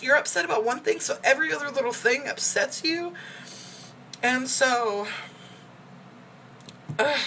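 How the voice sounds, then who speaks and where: The young woman in this casual vlog check-in sounds upset as she tells a rambling, emotional story heavy with fillers. Her voice is on the high side and a bit bright, with slight background noise.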